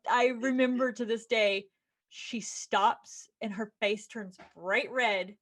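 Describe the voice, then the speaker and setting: A woman's voice: on the high side, slow, a bit bright. A middle-aged woman podcast co-host and author, telling stories in casual chat and acting out what people said. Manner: chatty storyteller, acts out quotes in voices.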